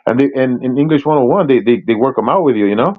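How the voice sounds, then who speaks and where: A man in casual chat who talks haltingly, full of restarts and fillers. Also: medium pitch, animated, phone-quality sound. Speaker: panel participant.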